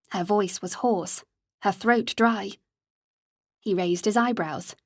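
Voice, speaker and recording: A woman with a mid-range voice tells the story of an audiobook at a steady, measured pace. There's no echo, and the sound is studio quality.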